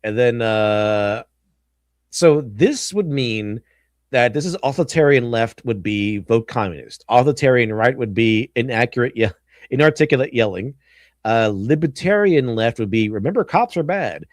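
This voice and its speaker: This man's medium-pitched voice is animated and moderately paced, clean and studio-recorded with no room sound. He hosts a laid-back livestream, reading memes out loud, laughing a lot and putting on goofy, silly voices.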